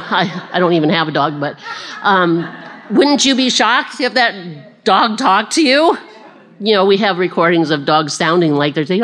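Here a woman gives a sermon that feels like a friendly chat, full of self-deprecating humor and little laughs. Her voice sits in the middle range at a measured pace, growing lively whenever she retells a story.

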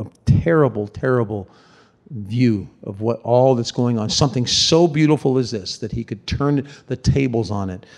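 A man's voice: medium pitch, vocal fry. Conversational, emphatic male preacher. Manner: conversational, emphatic, repeats words when stressing a point. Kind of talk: sermon.

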